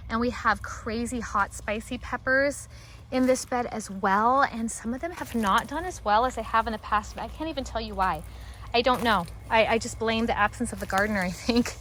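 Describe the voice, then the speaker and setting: Woman, bright-pitched, chatty, rambling garden tour outdoors, light ambient hum. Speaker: homesteading garden vlogger. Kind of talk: casual walking garden tour.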